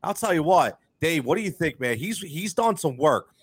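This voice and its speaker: A man with a fairly high, slightly rough voice and lively intonation hosts a sports podcast at normal speed, recorded with no room sound. Fired up, he rants through casual sports talk and ad reads, repeating words as he goes.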